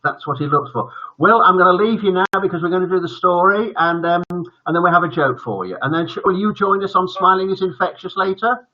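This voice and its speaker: A man's voice: high-pitched, fairly quick, highs cut off. An older man hosting a live-streamed bedtime story show, chatting in a jokey, teasing way. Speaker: host.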